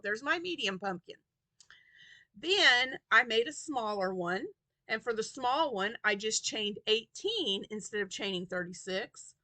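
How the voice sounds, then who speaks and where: A woman vlogger chatting casually about her crochet projects, tired from a short night's sleep and quick to giggle. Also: on the high side, animated, bright, forceful tone, no room sound. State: tired and yawning. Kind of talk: casual chat to camera.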